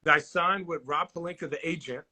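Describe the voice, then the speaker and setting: A man's voice: a little high, normal speed. A man in his forties, a former basketball player, telling stories in a casual interview and acting out the people he quotes. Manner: animated storyteller, acts out quoted voices.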